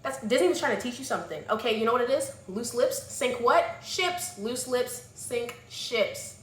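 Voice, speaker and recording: Woman vlogger, higher voice, animated and sassy, echoey room. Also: moderate pace. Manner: animated, sassy, exclamatory asides. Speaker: vlogger reviewing a movie. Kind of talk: casual sassy commentary.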